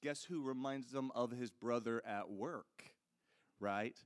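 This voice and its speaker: A man's voice: mid-range voice, takes it slowly. Earnest conversational male preacher. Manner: earnest, conversational, addresses the audience directly. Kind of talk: sermon with storytelling.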